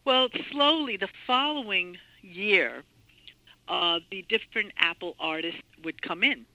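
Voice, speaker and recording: Bright-voiced woman in her sixties, lively storyteller. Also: medium pitch, a little slow, no echo, poor audio. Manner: lively anecdotal, laughs often, many fillers. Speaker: interview guest. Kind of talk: storytelling interview.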